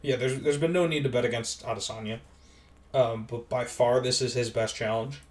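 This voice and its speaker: A man's voice: mid-range voice, steady tone, moderate pace. Young man, a little off-mic. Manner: easygoing, leads the segments. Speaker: podcast co-host. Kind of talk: casual chat about fight betting. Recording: voice a bit distant from the mic.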